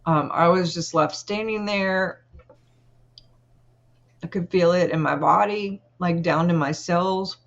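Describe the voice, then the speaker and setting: A woman guest telling a personal story in an interview, earnest and halting, with many pauses. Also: fairly low pitch, highs cut off.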